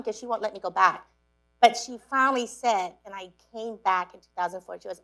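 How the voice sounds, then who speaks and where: A woman from Cambodia telling stories to students, lively, laughing often and acting out what people said. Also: mid-range voice, fast. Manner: lively storyteller, acts out quotes, laughs often. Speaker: guest speaker. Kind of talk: storytelling talk to students.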